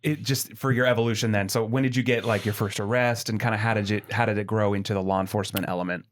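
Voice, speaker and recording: A man co-hosting a podcast who asks the guest quick questions in casual chat. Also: lowish voice, steady tone, slight background noise. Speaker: podcast co-host.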